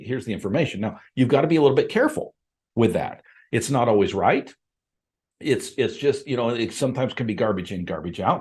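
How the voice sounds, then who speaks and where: A middle-aged man hosts a podcast, speaking straight into the camera in a casual way. His voice sits at a middle pitch, and he sounds earnest and plain-spoken. He often restarts his sentences and uses fillers along the way. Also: a little mellow. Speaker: podcast host and appraiser coach. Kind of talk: casual direct-to-camera talk.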